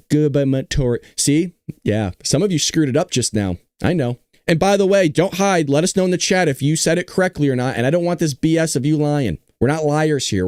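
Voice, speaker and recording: A man's voice: a little high, darkish tone, dry recording, studio quality. A man hosting a casual talk show, joking with his viewers and teasing the chat. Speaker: host.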